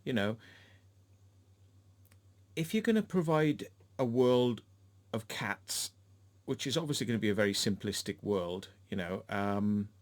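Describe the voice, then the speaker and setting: A man's voice: lowish voice, expressive, unhurried, pauses often. A man giving a casual film review, rambling and swearing with lots of fillers and restarts. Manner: rambling and profane, with many fillers.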